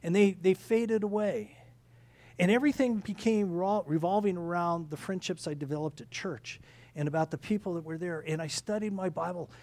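A man preaching a sermon in a conversational way, halting with restarts and repeating key phrases. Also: high voice, a little mellow, no room sound. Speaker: pastor.

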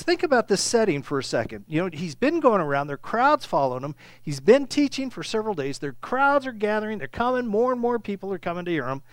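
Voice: mid-range voice, no room sound. A Bible teacher giving an informal, conversational lesson to a small group, often checking in with "okay?" and acting out the scripture dialogue.

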